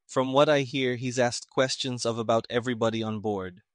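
A man voicing a cynical, brisk male army major who speaks crisply. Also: mid-range voice, steady tone, no echo, studio quality, close to an everyday voice.

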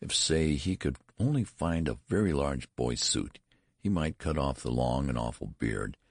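A man narrating a story in an expressive, dramatic reading style. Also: very deep voice, moderate pace, slightly rough, no echo, clean studio sound.

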